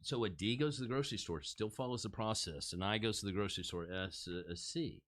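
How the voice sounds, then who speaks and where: A man co-hosting a sales podcast who tells everyday stories with animated bursts and mock frustration. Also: fairly low pitch, quick pace. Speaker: podcast co-host. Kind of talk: casual sales podcast chat.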